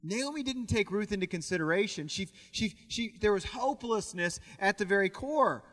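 Young male pastor, high bright voice, earnest sermon delivery, long church reverb. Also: lively intonation, moderate pace. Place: church sanctuary.

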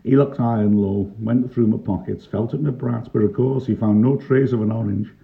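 A man's voice: mid-range voice, normal speed, gravelly. An older man, telling a childhood story in a wry, dry-humoured first-person way. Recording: tinny lo-fi narrow-band recording.

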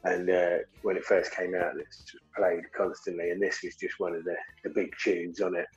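A man's voice: low-pitched, flat delivery, normal speed, slightly rough, dull audio. A man co-hosting a music podcast, joking and rambling in casual chat. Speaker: podcast co-host.

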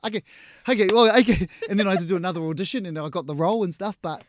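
A middle-aged New Zealand actor, interviewed as a guest, speaks very fast in a high voice. He tells casual stories, acts out what people said animatedly and laughs often. The recording is dry.

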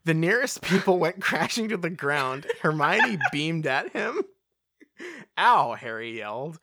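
Animated podcast host reading fan fiction. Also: medium pitch, normal speed, a little hiss or hum. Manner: reads fan fiction aloud with playful character voices. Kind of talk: casual chat and comic reading aloud.

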